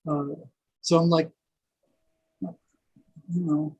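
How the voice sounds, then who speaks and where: Husky older man telling a story. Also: a little high, slow pace, long pauses, rough recording. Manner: rambling, animated storytelling with many fillers. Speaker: guest, former prison psychology worker. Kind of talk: casual storytelling interview.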